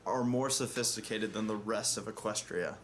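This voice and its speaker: A man's voice: lowish voice, normal speed. A man chatting enthusiastically in a casual group reaction chat. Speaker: reaction video panelist.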